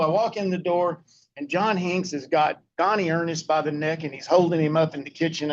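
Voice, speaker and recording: A man's voice: a little high, muffled recording. Folksy man telling stories. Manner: folksy anecdotes with quoted dialogue. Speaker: guest speaker telling restaurant history. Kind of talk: casual storytelling to a small group.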